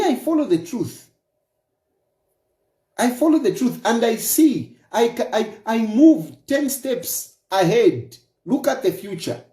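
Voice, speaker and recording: A man's voice: high voice, warm tone. Emphatic Zambian man in a roomy space. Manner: emphatic, repeats points with rhetorical questions. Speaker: political commentator. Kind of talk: opinion monologue.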